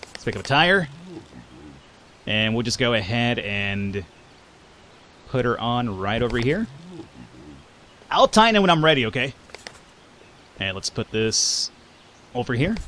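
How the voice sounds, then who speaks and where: A man's voice: medium pitch, a bit bright. A man hosting a let's play, talking through a game with sarcastic jokes and casual swearing. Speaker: gaming channel host.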